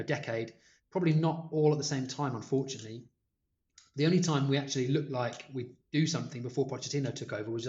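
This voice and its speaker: A man, a podcast guest telling lively football anecdotes in a chatty way. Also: medium pitch. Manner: animated anecdotes, quick and chatty. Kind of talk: casual storytelling. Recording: muffled, echoey room.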